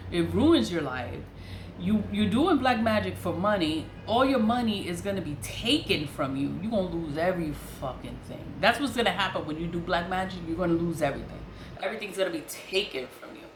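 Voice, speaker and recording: A woman venting in a candid monologue, heated and profane, repeating herself for emphasis. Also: lowish voice. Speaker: online seller and vlogger. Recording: roomy echo with faint background noise.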